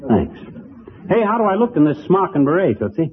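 A bragging middle-aged husband, brash, with very animated pitch; tinny old radio broadcast with audience laughter. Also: male voice, a little fast, slight background noise. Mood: boastful. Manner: brash, bragging, mangles words. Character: boastful blustering small-town husband, middle-aged. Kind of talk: 1940s radio comedy acting.

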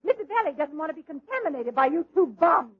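A curt secretary voiced by a woman who orders people about. Her voice is very high with lively swoops. It comes through a muffled old radio broadcast. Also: fast. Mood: bossy.

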